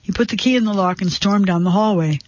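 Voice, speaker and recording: A man with a high voice narrates a dark suspense story in measured, tense tones. The recording is dry and a little dull, with no room sound at all. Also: no echo.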